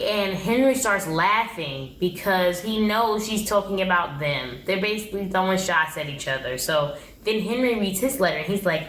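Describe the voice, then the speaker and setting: A woman's voice: lowish voice, expressive, moderate pace, fairly bright tone, reverberant. A young woman giving a blunt, opinionated casual recap of a TV show. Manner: blunt, opinionated, exasperated commentary. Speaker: TV show reviewer.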